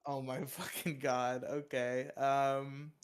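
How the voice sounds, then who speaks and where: A man's voice: mid-range voice, little pitch movement, slow pace, clear, resonant tone. A man co-hosting a stream, joking dryly with the audience. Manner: dry, joking, laughs often. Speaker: co-host. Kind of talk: casual chat.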